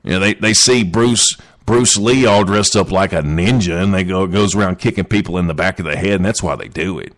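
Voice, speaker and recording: A man voicing a grumbling ranter in a put-on accent, talking low and muttering. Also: a little fast, few pauses. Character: grumbling man ranting against movies.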